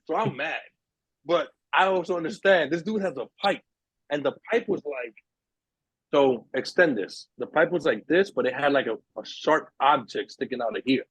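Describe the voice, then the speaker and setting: A young man spins a story for his friends on a podcast, jumping into high, excited voices for the people in it. His voice is a little husky, and the room sounds dry and close. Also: moderate pace, no echo, low-quality recording. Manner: animated storyteller, acts out voices in quotes. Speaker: podcast host. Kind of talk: casual storytelling among friends.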